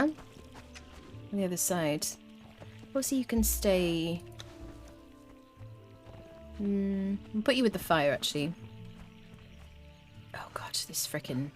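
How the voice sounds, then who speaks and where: Chatty woman streamer with lively pitch. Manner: chatty, talks to chat, hums little tunes. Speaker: game streamer. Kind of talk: casual live gameplay commentary.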